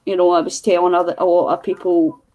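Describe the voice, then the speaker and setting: A woman's voice: fairly low pitch, level tone, quick pace, mellow, a little hiss or hum, low-quality recording. A woman, guesting on a craft livestream and chatting casually in a rambling way with lots of fillers.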